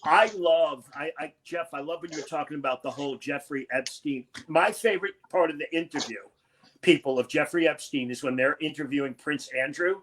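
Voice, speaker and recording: A man doing a loud, brash and profane stand-up set over a video call. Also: fairly high pitch, a little fast, a little hiss or hum. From Connecticut. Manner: loud, brash and profane, with sudden shouted bursts. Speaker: stand-up comedian.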